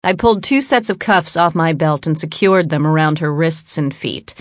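A woman narrates an audiobook in a low voice. Her delivery is measured and cool. The recording is dry and close. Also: no room sound.

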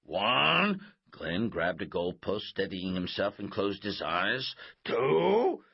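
A man narrating a children's storybook in a slow, expressive read-aloud manner. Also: low voice, breathy edge, dry recording, muffled recording.

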